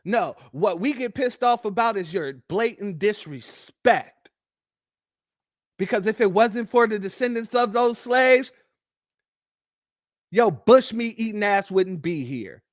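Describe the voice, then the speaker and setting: A man with a strikingly high voice delivers heated livestream commentary. He is combative and numbers off his points, in a dry, close sound with no room echo. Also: animated, takes it slowly. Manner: combative, lists points one by one. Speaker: livestream host.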